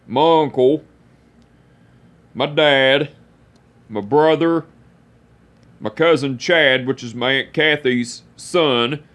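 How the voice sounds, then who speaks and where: Man telling a story in halting repeats. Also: medium pitch, fairly bright tone. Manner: halting, repeats phrases and restarts a lot. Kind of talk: personal story vlog.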